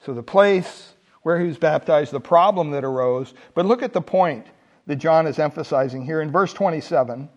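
Male pastor, slightly high voice, lively sermon delivery with emphatic swells. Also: moderate pace, muffled recording. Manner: animated storytelling, rising to emphatic peaks.

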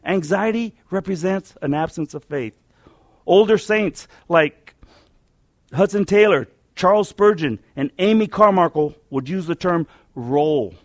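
A man preaching a sermon emphatically, repeating key lines and letting phrase ends fall quiet. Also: high voice, lively intonation, measured pace, no echo, studio quality.

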